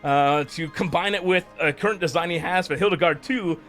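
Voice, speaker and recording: A man's voice: on the high side, fairly quick, a bit bright, faint music behind. Casual, profane male streamer. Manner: loose, profane and rambling, with many fillers. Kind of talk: casual recap of a game's story.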